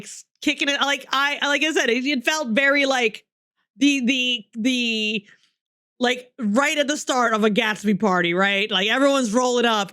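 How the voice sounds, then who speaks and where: A woman's voice: high-pitched, sharp tone. A young woman co-hosting a podcast, chatting casually about a book, laughing often and swearing freely. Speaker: podcast co-host. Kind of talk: casual book-club chat.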